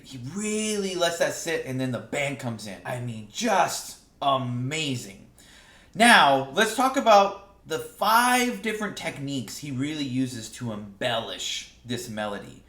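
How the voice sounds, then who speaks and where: A man teaching saxophone in a relaxed, casual way, often stumbling over and repeating his words. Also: medium pitch, a little slow. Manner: relaxed, explains with sung examples, repeats words. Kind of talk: casual music lesson. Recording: roomy echo.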